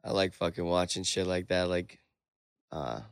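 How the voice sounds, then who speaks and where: A young man in casual chat, excitable and swearing heavily. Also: deep voice, normal speed, creaky, clean tone, no echo, studio quality.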